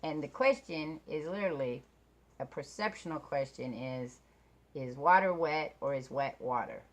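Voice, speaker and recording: In her own vlog, a middle-aged woman talks to the camera in a low voice at a moderate pace. She rambles, pokes fun at herself and laughs often as she chats.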